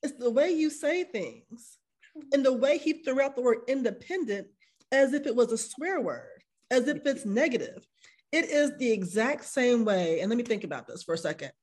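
A woman co-hosts a casual panel discussion in a slightly high voice. She talks bluntly and emphatically, with lively, animated delivery. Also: normal speed. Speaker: co-host.

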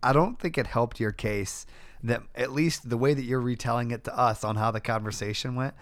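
A man's voice: medium pitch, fairly quick, dry recording. Dry-witted young man. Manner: dry, wry questions. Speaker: podcast co-host. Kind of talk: casual chat.

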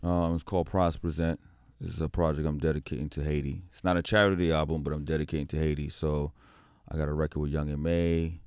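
Guy in his 40s on a podcast, deep voice, tells stories with voices, curses a lot, dry mic. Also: fast, smooth, dry recording. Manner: animated storytelling, acts out voices, swears freely. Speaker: guest musician. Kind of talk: casual interview chat.

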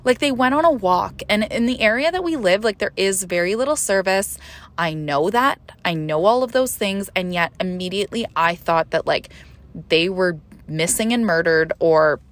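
A woman's voice: medium pitch, animated, normal speed. A young adult woman hosting a podcast, candidly talking through a personal story in a rambling, emotional way, with lots of fillers and swearing. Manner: emotional, rising sharply when reliving panic. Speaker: podcast host. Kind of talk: confessional podcast monologue.

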